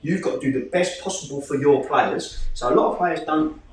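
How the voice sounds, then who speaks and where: Plain-spoken man, far and echoey. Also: a little fast. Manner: plain-spoken, rambling, lively pitch swings. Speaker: football club manager. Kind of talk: casual discussion.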